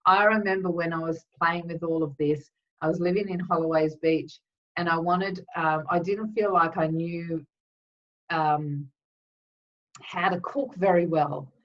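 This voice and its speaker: A woman's voice: lowish voice, steady tone, measured pace. A woman giving a spiritual talk, telling a rambling, chatty story full of asides. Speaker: spiritual teacher. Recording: dull, distant recording.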